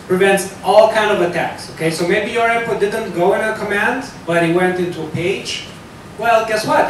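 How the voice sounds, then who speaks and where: A man presents a technical talk to a live audience, high-pitched for a man, and he often corrects himself as he goes. He sits far from the mic, so the sound is thin and roomy, with a strong echo and a faint rumble underneath. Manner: loose, conversational, with fillers and self-corrections.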